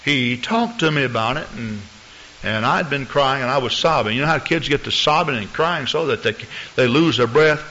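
A man preaching a sermon as pastor, telling stories in an animated way and acting out the people in them. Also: mid-range voice, normal speed, a little hiss or hum. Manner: animated storytelling preacher, acts out voices. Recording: muffled lo-fi recording.

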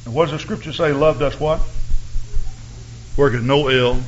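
A man preaching a sermon, reading scripture in a measured way and rising to loud, shouted exhortation. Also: medium pitch, fairly even intonation, dull audio, slight background noise.

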